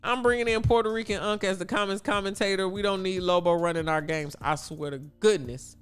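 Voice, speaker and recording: A man hosting a casual sports talk livestream, chatty and blunt with animated asides. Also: high voice, normal speed, few pauses, clear, resonant tone, soft background music. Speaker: livestream host.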